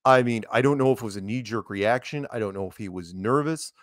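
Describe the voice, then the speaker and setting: A man talks casually as an interview guest, rambling from point to point and laughing between thoughts. His voice sits at a middle pitch. The recording is dry and close. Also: brisk, dry recording. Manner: chatty, laughing, rambling with fillers. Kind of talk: casual comedic interview chat.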